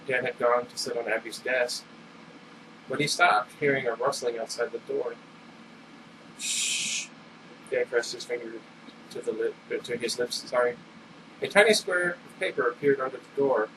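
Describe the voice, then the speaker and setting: A man's voice: medium pitch, moderate pace. A man reading a novel aloud in a casual storytelling way, stumbling and correcting himself as he goes. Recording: distant mic with air-conditioner hum.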